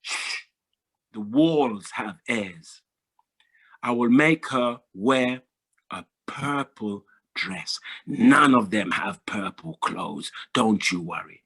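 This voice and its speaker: A man voicing a stern, scheming old great-aunt who scolds harshly and plots in a hush. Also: high-pitched, fairly quick, few pauses, pitched above the performer's own voice, low-quality recording. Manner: scolding, hushed and sly when plotting.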